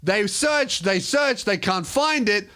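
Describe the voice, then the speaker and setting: A man's voice: sits high, lively intonation, takes it slowly, sharp tone. A young Australian man, a comedian and podcast host, telling an exasperated, profane story as a comic rant. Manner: exasperated, profane, mock-polite quoting.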